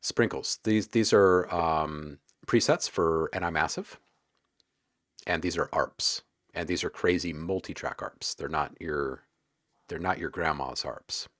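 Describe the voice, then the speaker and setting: Low-voiced man hosting a livestream. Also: measured pace, no room sound, studio quality. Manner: joking, relaxed, talks to chat while browsing. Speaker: livestream host. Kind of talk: casual livestream chat.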